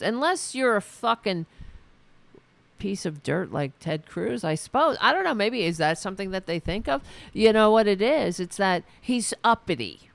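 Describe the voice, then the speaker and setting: A man's voice: high-pitched, big pitch swings, gravelly, fairly bright tone, no room sound. A man hosting a solo political commentary show, ranting with sarcasm and profanity, often stopping and restarting his sentences. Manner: halting, with many restarts and fillers. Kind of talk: angry solo political rant.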